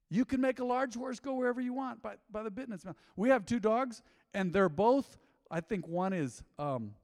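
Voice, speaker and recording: Pastor preaching in a reverberant hall. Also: male voice. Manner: conversational, joking asides to the congregation; swings from quiet low asides to loud emphatic reading. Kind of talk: sermon.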